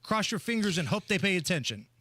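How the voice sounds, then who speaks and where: A man's voice: high-pitched, very animated, fast talker, pushed and bright, no room sound. A man hosting a talk radio show, giving emphatic, opinionated commentary into a studio microphone.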